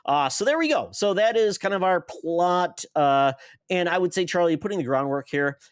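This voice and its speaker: A man's voice: high voice, animated, normal speed, clear, resonant tone, dry recording, studio quality. A man co-hosting a casual pop-culture podcast, walking through story points in an explanatory way. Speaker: podcast co-host. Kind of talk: casual chat.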